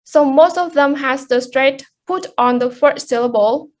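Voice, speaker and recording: Young woman, high voice, halting class presentation with lots of ums. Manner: hesitant, many fillers and restarts. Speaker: student presenter.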